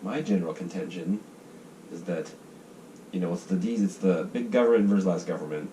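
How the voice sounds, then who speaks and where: This American man has a deep, warm voice and talks briskly. He's a vlogger sketching ideas in a casual, rambling monologue, swearing and acting out the voices of groups. A distant mic picks up faint noise.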